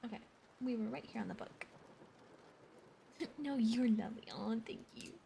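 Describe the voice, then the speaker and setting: A young woman streams whispered role-play, reading aloud and chatting softly with her viewers in between. Her voice sits a little high, with a gravelly fry under it. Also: normal speed, background noise.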